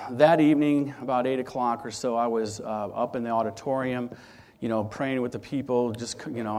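A man's voice: mid-range voice, a little mellow. Man telling a story from the pulpit. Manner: conversational storyteller, frequent restarts and fillers. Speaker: church speaker. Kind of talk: sermon with personal testimony.

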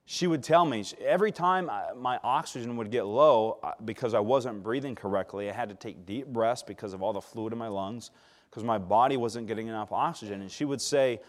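A male preacher telling a personal story in a sermon, shifting between loud emphasis and hushed tones and calling for responses from the congregation. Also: medium pitch, fairly quick. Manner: calls for audience response.

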